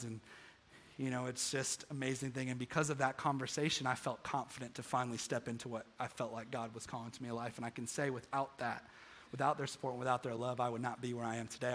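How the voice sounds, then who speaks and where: A man's voice: medium pitch, level tone, a little fast, fairly bright tone. A young man preaching a sermon to a live congregation, telling a personal story earnestly and building to emphatic peaks. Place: stage in front of a live congregation.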